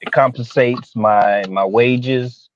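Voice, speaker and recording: A man's voice: mid-range voice, steady tone, slow pace. A man joining a livestream as a guest, easygoing and laid-back in casual chat. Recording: dull lo-fi call audio.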